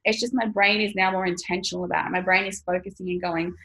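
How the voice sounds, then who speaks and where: A woman's voice: fairly low pitch, fairly even intonation, quick pace, a bit bright, low-quality recording. A woman in her thirties, talking casually to camera as a money mindset coach, chatty, laughing often and swearing now and then.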